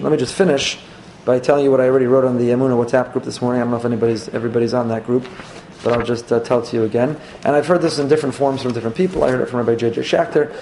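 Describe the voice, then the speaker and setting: A man, a rabbi, giving a sermon as an animated storyteller. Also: medium pitch, slight background noise.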